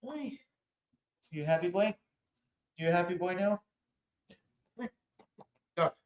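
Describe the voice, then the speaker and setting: Guy cooing at the dog, slow, lively pitch, far off echoey mic.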